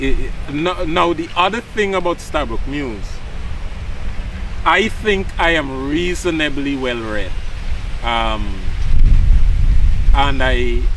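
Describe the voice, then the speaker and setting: Guyanese male co-host, measured and questioning, recorded from a distance. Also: a little high, noisy background. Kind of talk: casual political talk show.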